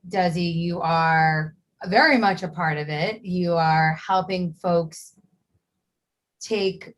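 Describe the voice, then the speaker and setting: Supportive woman co-host, casual podcast chat, low-leaning voice. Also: takes it slowly. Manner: supportive, earnest.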